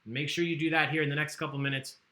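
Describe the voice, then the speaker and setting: A man's voice: fairly high pitch, level tone, fast, pushed and bright, echoey room. A man hosting a livestreamed trivia game, chatty and joking as he reads out the questions. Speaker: trivia host.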